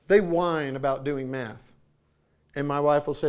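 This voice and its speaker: Man, middle-aged, folksy sermon, fairly high voice, storytelling. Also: sing-song, normal speed. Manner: folksy, acts out voices in anecdotes. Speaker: conference speaker. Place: church sanctuary.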